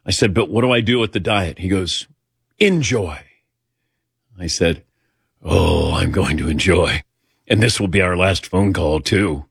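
A middle-aged man with a low voice tells a long personal story on a talk show. He rambles and acts out the quoted dialogue, recorded dry and close to the mic. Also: normal speed, creaky, husky, dry recording.

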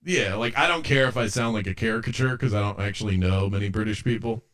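A man's voice: fairly low pitch, fast talker, a bit bright. A man co-hosting a sports betting podcast, giving picks in a confident, analytical, punchy way.

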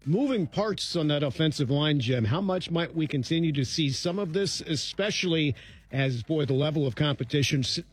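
Male radio host, slightly high pitch, brisk interviewer. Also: lively intonation, slightly rough. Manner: brisk, quick question-asking. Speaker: radio sports show host. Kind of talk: sports talk radio hosting.

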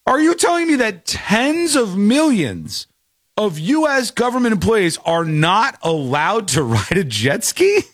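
A man's voice: high-pitched, sing-song, measured pace, a bit bright, no room sound, clean studio sound. A man in his forties hosting a show, joking and incredulous in casual commentary. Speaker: host.

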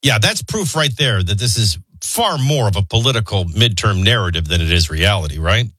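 A man's voice: lowish voice, lively intonation, normal speed, fairly bright tone, breathy edge, no room sound. A man hosting a morning radio show, reading headlines and taking callers with loose, joking asides. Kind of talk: news reading and call-in chat. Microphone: studio microphone.

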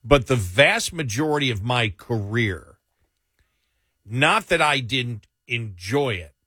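A man's voice: mid-range voice, no echo. A man who hosts a radio show and podcast, chatting casually and telling stories with frequent laughs. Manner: laughing, animated storytelling. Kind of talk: casual chat.

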